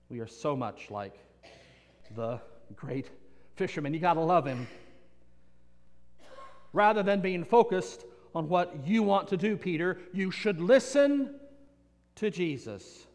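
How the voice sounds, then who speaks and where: A man with a high voice delivers a sermon, building his points through repetition and tossing in playful asides. His words ring out with a long reverb, as in a church. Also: darkish tone. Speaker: pastor.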